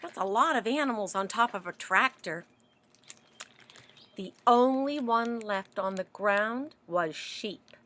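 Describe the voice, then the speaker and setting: A woman librarian reading a picture book aloud to children, animated and asking them questions as she goes. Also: on the high side, unhurried. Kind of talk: children's story read-aloud.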